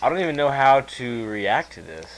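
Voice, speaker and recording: Young man, medium pitch, casual chat, teasing, enthusiastic co-host. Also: big pitch swings, normal speed, a crowd in the background.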